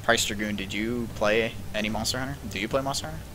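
A man's voice: lowish voice, quick pace, over music. A man in his twenties streaming a video game, chatting casually in a rambling, laid-back way with lots of fillers and the odd swear. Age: 20s. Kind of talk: casual chat while streaming.

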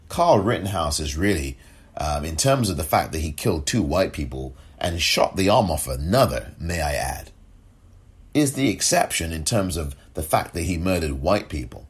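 Podcast host, male: deep and husky, impassioned and indignant, wide expressive swings. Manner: mocking impersonations of others. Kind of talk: solo political commentary.

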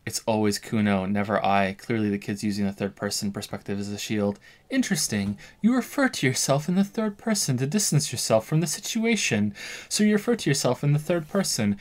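A man's voice: mid-range voice, animated, fairly quick. Man wryly commenting on a game. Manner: wry, thinks aloud with frequent restarts. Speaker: streamer playing a game. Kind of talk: casual let's-play commentary, reading game text aloud.

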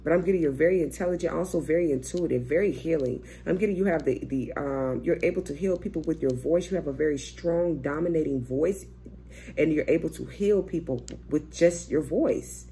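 A young woman with a low, gravelly voice talks through a tarot spread in loose, profane, thinking-aloud chat. A faint noise sits under the recording. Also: fairly quick, warm tone. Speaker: tarot reader. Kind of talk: casual tarot reading.

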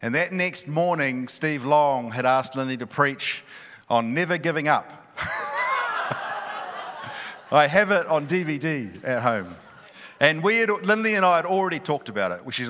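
A middle-aged male pastor telling a personal story in a sermon, animated and often laughing. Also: on the high side, moderate pace. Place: large church hall. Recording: long reverb of a church hall.

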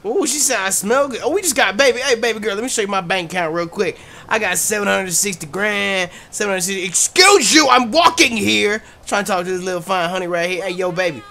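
A man streaming a driving game live, joking loudly and crudely and yelling at the characters on screen. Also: high-pitched, fairly even intonation, fast talker. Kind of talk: live gameplay commentary.

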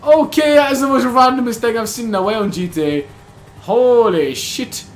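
A man giving casual gameplay commentary, excitable, swearing often and laughing a lot as he plays. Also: extremely high pitch, normal speed, faint music behind. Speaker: gaming channel host.

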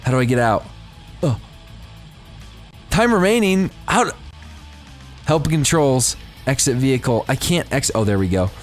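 Young man, gameplay commentary, lively swooping pitch, squeals high when excited, faint music behind. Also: unhurried, long pauses. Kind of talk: excited let's-play commentary.

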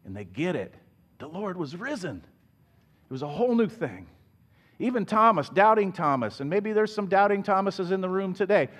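Male pastor preaching in church, fairly high voice that swoops up and down, plays out quotes. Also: moderate pace. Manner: lively preaching with acted-out quotes and plain asides. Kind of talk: sermon. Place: church sanctuary.

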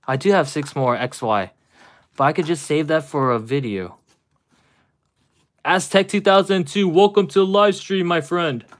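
A man opens trading card packs on a live stream, laughing and chatting straight to his viewers while a little out of breath. His voice is fairly high, at normal speed with frequent pauses.

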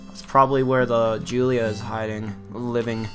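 A man's voice: mid-range voice, level tone, moderate pace. A man giving joking, playful commentary while playing a video game. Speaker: gamer. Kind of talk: let's play commentary. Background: game music.

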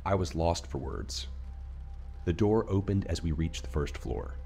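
A man reading a scripted horror story in a steady, measured narrating voice. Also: deep voice, faint music behind. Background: faint rain ambience.

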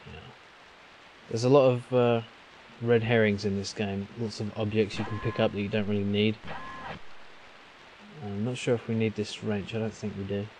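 Guy doing let's play, low voice, reads out text, relaxed little comments. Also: moderate pace, long pauses, a little hiss or hum. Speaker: gameplay commentator.

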